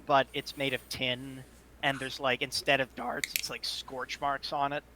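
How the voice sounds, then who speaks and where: A man's voice: medium pitch, level tone, measured pace, noisy background. A young man playing in a tabletop game, chatting casually and easily amused. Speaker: player. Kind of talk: casual chat.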